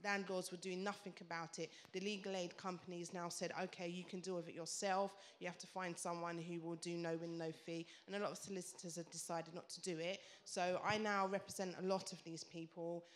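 A woman's voice: lowish voice, little pitch movement, brisk, hardly any pauses. A woman, speaking to an audience on a handheld mic and explaining her work in a composed way with frequent ums. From Tottenham, London. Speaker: solicitor. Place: community event room.

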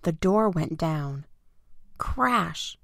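A woman reading a children's picture book aloud, gentle and expressive. She speaks slowly with a fairly low voice for a woman. The sound is close and dry. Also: dry recording. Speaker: storybook reader. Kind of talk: children's story read-aloud.

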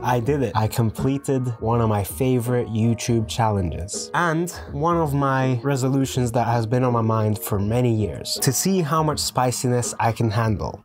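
Young man vlogging a hot sauce challenge. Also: mid-range voice. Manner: exclaiming and groaning through spicy pain. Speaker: YouTuber. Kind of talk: casual vlog commentary.

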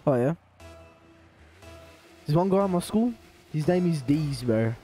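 A man with an Australian accent streaming a car-ball game live, talking to chat and trash-talking opponents in excitable banter. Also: fairly high pitch, a little slow, soft background music. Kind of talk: live gaming commentary.

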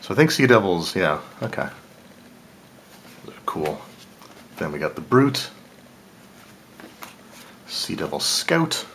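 With a faint hum behind him, a low-voiced man hosts a channel and chats casually while unboxing game cards to review. He takes his time, stays relaxed, and thinks out loud, laughing a little and correcting himself.

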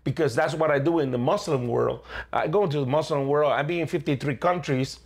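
A man's voice: fairly high pitch, brisk, husky. A man who is an evangelist clown, a guest in an interview, telling stories with energy and acting out what people said, with frequent restarts. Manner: energetic, repeats and restarts, acts out quotes. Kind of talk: animated storytelling interview.

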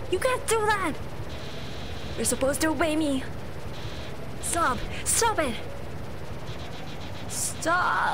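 Woman voicing a cruel, mocking flower villain, high and unhurried, game music under it. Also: background noise, full character voice. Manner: mocking, sneering, theatrical. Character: gloating evil male flower, cruel taunting.

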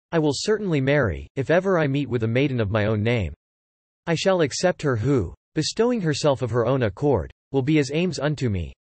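In a dry recording, a man with a medium-pitched, darkish voice plays a remorseful male ascetic sage in a read-aloud epic. His scripted narration uses solemn, archaic phrasing.

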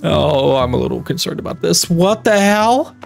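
A man commentating a let's play video, animated and often laughing and exclaiming. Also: fairly high pitch, normal speed, gravelly. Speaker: gaming video host. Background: game music.

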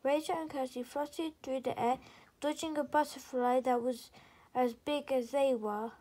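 A woman reads a children's storybook aloud, soft and gentle, often slipping into a half-whisper. Her voice sits high and has a breathy, airy texture. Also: fairly even intonation, normal speed, low-quality recording. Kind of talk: reading a children's book aloud.

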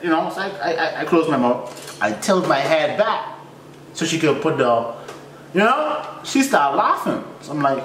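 A man telling a funny personal story in a frank, slangy way, acting out his own reactions with high yelps and low mutters. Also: sing-song, moderate pace, fairly bright tone, roomy sound, recorded from a distance, a little hiss or hum.

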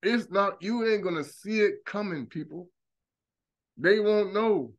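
A man preaching a fervent monologue, mocking opponents by mimicking them in quick asides. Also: high-pitched, lo-fi sound. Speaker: religious commentator.

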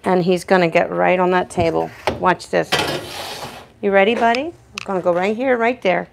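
A woman's voice: lowish voice, fairly even intonation, normal speed, creaky, noisy background. A woman who works as a professional dog groomer, giving a chatty grooming demonstration indoors in her shop and talking both to the dog and to viewers.

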